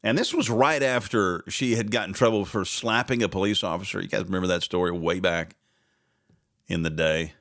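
A man's voice: low voice, brisk, fairly bright tone. A man hosting a casual talk show, rambling and sarcastic and laughing often between asides. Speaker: radio host.

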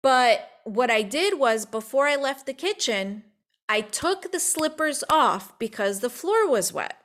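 A woman telling a personal faith story in casual talk, acting out the quotes in quick, animated bursts. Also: sits high.

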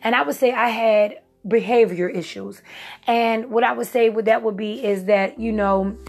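A woman's voice: fairly high pitch, steady tone, moderate pace, creaky, a little mellow, soft background music. Emphatic woman telling her story. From Virginia. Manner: emotional, emphatic storytelling with voiced quotes. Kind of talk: personal testimony talk.

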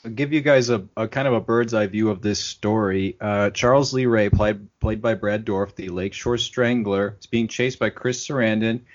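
A man co-hosting a casual film podcast over a video call, animated and swearing freely. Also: fairly low pitch, normal speed, hardly any pauses. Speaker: podcast co-host. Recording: dull lo-fi video call audio.

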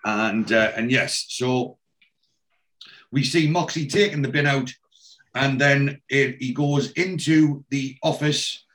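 Speaking slowly in a medium-pitched, fairly bright voice, a man from England chats as a podcast host. He walks through scenes from a TV episode, quoting what the characters said.

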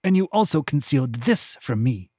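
A man's voice: a little high, sing-song, moderate pace, a little mellow, slightly rough, dry recording, clean studio sound. A man voicing a cold, commanding woman interrogator in a fantasy audiobook, with clipped, icy speech.

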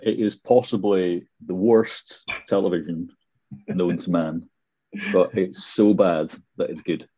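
A man's voice: low-pitched, fairly even intonation, takes it slowly, dark tone, slightly rough. A man co-hosting a podcast in casual chat, dry and teasing, often restarting his sentences. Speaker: podcast co-host.

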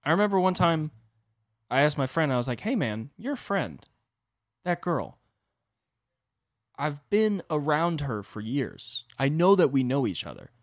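A young man hosts a solo podcast, rambling through a self-deprecating comedic monologue and animatedly acting out the voices of people in his stories. His voice is a little high and a little slow, with frequent pauses. The recording is dry and studio quality.

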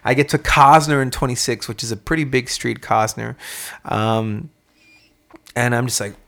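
A man co-hosting a podcast, telling a childhood story in casual chat, animated and swearing freely. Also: medium pitch, normal speed, vocal fry. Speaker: podcast co-host.

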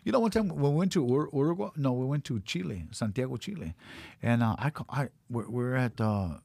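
A man's voice: medium pitch, expressive, brisk, creaky, darkish tone, no room sound, clean studio sound. A middle-aged man in casual chat, blunt and profane, rambling through stories. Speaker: podcast guest, cutman.

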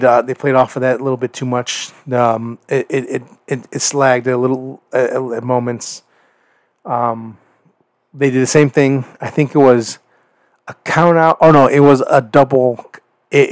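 A man's voice: mid-range voice, dry recording. A young man hosting a podcast, reviewing a wrestling event in a casual, rambling way full of restarts and repeated words. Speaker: podcast host.

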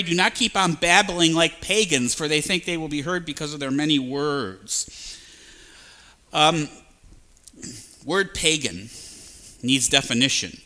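A male pastor giving a lively sermon, sometimes imitating babbling sounds to make a point. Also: a little high. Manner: animated, mimics babbling sounds. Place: church sanctuary.

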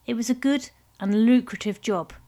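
A woman narrating a comic story in a measured, lightly humorous way. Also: a little high, warm tone. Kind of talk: scripted narration.

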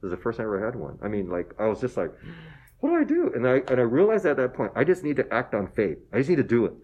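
Guy in his 40s spinning a long story, pitch jumping all over, says okay? a lot, gets soft and choked up at times. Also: racing, lo-fi sound. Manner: animated, self-deprecating, keeps adding "okay?"; soft and emotional when talking about his wife. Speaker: interview guest. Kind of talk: casual storytelling interview.

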